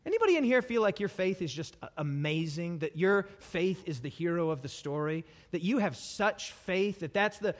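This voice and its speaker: A male preacher giving a sermon to a live congregation, animated and repetitive, dropping humorous asides. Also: a little high, normal speed, hardly any pauses. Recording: long hall reverb.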